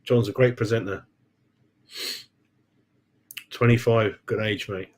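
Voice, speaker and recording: A man's voice: on the low side, fairly even intonation, slow, long pauses. A man hosting a football fan channel, chatting on a live stream in a rambling, easygoing way, laughing often and calling his viewers mate. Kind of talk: casual live-stream chat.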